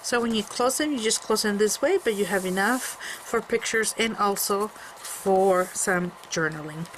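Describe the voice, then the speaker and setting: A woman chats about her handmade album in a loose, rambling way, full of fillers and restarts. Her voice sits at an everyday middle pitch. A faint room noise runs under the camera mic. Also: moderate pace, poor audio. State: coughing from allergies. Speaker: crafter showing a handmade album. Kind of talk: casual show-and-tell.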